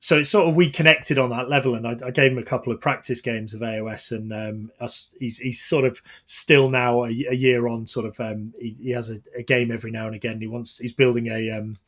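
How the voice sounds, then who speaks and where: A man's voice: mid-range voice, steady tone, fairly quick, hardly any pauses, a bit bright. A man hosting a podcast, telling anecdotes in a casual, rambling way with lots of ums and restarts. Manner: rambling anecdotal storytelling with many fillers. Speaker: podcast host.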